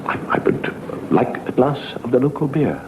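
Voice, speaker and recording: A man's voice: medium pitch, very animated, moderate pace, pitched above the performer's own voice, lightly acted. A man voicing a weary, stubborn young traveller in a dry, plain way, on a dull, hissy old TV recording.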